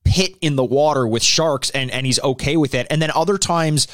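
Animated male host, fairly high voice, dry mic, casual swearing storyteller. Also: moderate pace, no echo. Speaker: podcast host. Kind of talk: casual chat.

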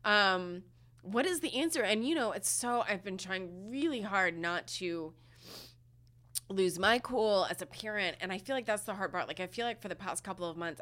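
A woman in her thirties co-hosting a casual chat, halting and emotional, with many fillers. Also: medium pitch, fairly bright tone. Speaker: podcast co-host.

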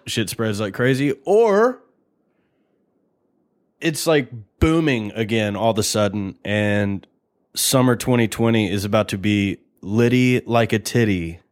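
A man's voice: on the low side, dry recording, clean studio sound. A young man hosting a podcast, rambling and joking in a casual, profane monologue. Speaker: podcast host.

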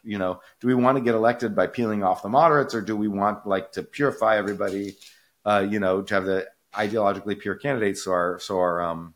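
Low-voiced man arguing animatedly. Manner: animated, rhetorical, keeps asking "right?". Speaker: podcast co-host. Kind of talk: casual podcast discussion.

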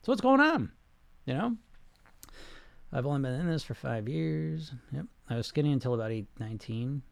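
A man's voice: mid-range voice, expressive, normal speed, vocal fry, dry recording. A middle-aged man who coaches weight loss, talking in a live-streamed podcast monologue, blunt and profane, firing rhetorical questions at his listeners.

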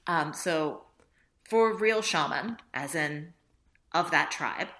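Low-voiced, bright woman author. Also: expressive, takes it slowly. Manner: reflective, laughs often, acts out little dialogues. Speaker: author guest. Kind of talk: casual interview conversation.

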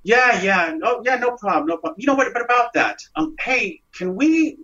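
A man voicing his evasive, hurried boss who stalls on paying, placating and rushed. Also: very high voice, lively intonation, sharp tone, lo-fi sound, pitched above the performer's own voice, full character voice. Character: evasive, hurried male boss dodging a payday.

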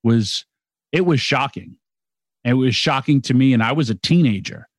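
A man co-hosting a podcast, eager and rambling, tripping over restarts as he tells a story. His voice sits in a middle pitch range. The sound is dry and close. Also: animated, moderate pace, no room sound. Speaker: podcast co-host. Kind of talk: casual chat.

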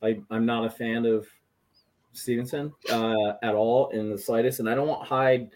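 A man's voice: mid-range voice, fairly even intonation, normal speed, a little mellow, a little hiss or hum. A man guesting on a sports podcast, rambling and restarting his sentences. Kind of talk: casual sports chat.

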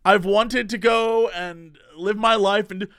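A man with a notably high speaking voice, bantering on a podcast in an animated, playful way and laughing often. The sound is close and dry, with no room reverb. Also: clean tone. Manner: animated, joking, quick to laugh. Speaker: podcast host. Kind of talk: casual chat.

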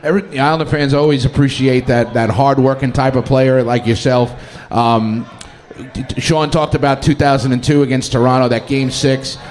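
A man's voice: medium pitch, fairly even intonation, normal speed, a little mellow. A male co-host with an ordinary mid-range voice. He asks questions in a loose, conversational way and trips over his words now and then. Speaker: co-host interviewer. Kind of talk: live interview.

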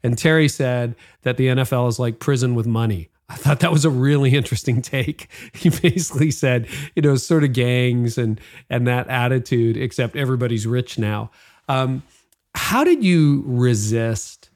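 A man's voice: mid-range voice, darkish tone. Reflective man hosting an interview. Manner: reflective, conversational questioning. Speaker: podcast host. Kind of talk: interview questions.

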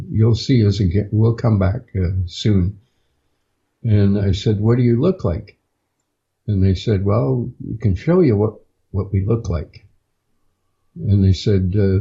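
A man, a podcast guest, telling his own story in a casual, halting way with frequent "uh" fillers. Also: fairly low pitch, warm tone, dull audio. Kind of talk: casual first-person storytelling.

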